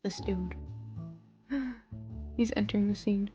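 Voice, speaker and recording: A woman's voice: mid-range voice, takes it slowly, dark tone, lo-fi sound, faint music behind. A woman streamer chatting casually and playfully to her live chat.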